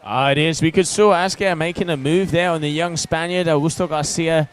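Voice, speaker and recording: A man's voice: on the high side, steady tone, brisk, clean tone. A man giving playful, chatty color commentary on a paddleboard race. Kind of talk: live sports commentary.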